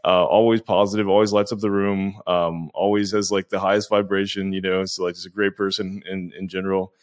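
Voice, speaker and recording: Lower-voiced man hosting a podcast. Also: little pitch movement, brisk. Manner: effusive, filler-heavy. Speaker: podcast host. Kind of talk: casual interview hosting.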